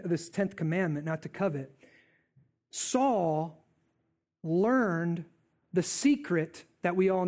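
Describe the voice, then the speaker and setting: A man preaching a sermon in an animated, conversational way. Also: high-pitched.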